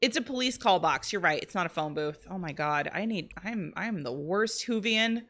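A woman streaming a life-simulation game, chatting excitedly with her viewers as she plays. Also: fairly low pitch, normal speed. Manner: bubbly, excitable, chatty with chat. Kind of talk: live-streamed game commentary.

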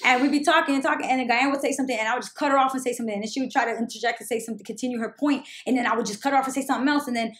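A woman telling a story in a talkative, animated way as she chats with a friend. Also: a little high, very fast, hardly any pauses, echoey room. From Brooklyn, New York. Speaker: channel host. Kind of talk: casual chat with a friend.

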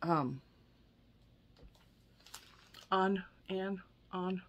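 The recording is muffled with a little hiss or hum, and the woman speaks extremely slowly at a medium pitch. She's an American crochet YouTuber in her forties, casually and emotionally chatting and laughing as she unboxes yarn gifts for viewers.

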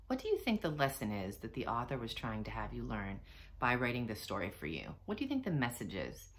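A woman teacher reading a storybook aloud to children from home, expressive and gentle. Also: a bass voice, brisk.

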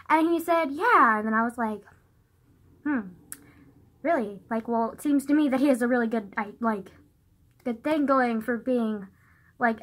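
A young woman telling a story on her phone, animated and sweary, sighing and laughing and saying "like" all the time. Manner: animated, says "like" constantly, sighs and laughs; swears freely, swings from loud outbursts to low mutters. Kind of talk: casual storytime vlog.

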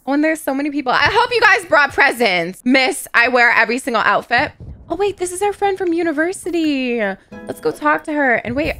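Brief: gossipy woman streamer, higher voice, swooping and animated. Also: a little fast, no room sound, soft background music. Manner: excitable, gossipy and profane. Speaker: gaming YouTuber. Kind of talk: casual gameplay commentary.

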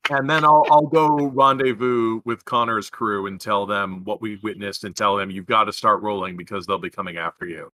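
A man's voice: fairly low pitch, fairly even intonation, moderate pace, few pauses, bright, forceful tone, no room sound. A man playing a tabletop game, casual and joking. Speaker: player.

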